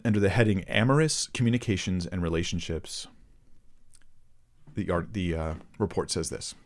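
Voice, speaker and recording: A man hosting a ministry channel, reading a report aloud and stopping to comment earnestly to his viewers. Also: fairly low pitch. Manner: earnest, addresses viewers directly. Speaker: host of a Christian ministry channel.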